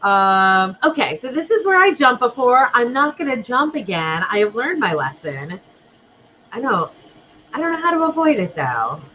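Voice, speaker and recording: A woman's voice: fairly high pitch, very animated, moderate pace, sharp tone, dull audio, a little hiss or hum. A woman rambling and chatting to herself as she plays through a game. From United States. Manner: rambling and chatty, talks to herself while playing. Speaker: gamer playing through a game. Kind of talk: let's play commentary.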